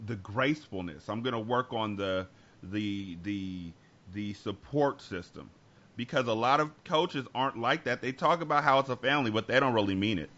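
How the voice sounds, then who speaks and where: A man's voice: on the low side, normal speed, a bit bright, a little hiss or hum. Earnest man on a lo-fi podcast. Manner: earnest, reflective, with many restarts. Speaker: podcast co-host. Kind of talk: candid conversational talk.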